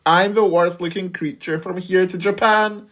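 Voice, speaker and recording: A woman's voice: lowish voice, steady tone, moderate pace, fairly bright tone. A woman voicing a dumpy, warty warthog cheerfully listing its flaws in rhyme. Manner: cheerful rhyming self-mockery.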